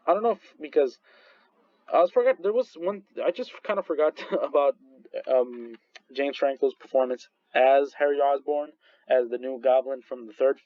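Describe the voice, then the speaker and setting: Male vlogger, casual rambling movie reviewer, mid pitch, dry slightly muffled recording. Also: dry recording. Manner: rambling, full of restarts and fillers, laughs often. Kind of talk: casual chat.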